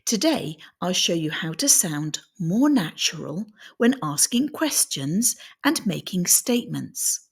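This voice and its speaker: A woman giving a scripted English pronunciation lesson, deliberately demonstrating how her voice rises and falls. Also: on the low side, very animated, creaky, breathy edge.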